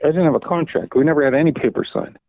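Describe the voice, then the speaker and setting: A man's voice: a little high, rapid-fire, dry recording. An older man, a guest on an interview podcast, telling rambling anecdotes, often circling back with "so anyway" and acting out what others said. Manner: rambling anecdotes, repeats "so anyway", acts out quoted dialogue. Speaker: guest, veteran comics editor. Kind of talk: casual interview storytelling. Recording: dry tinny phone-like line.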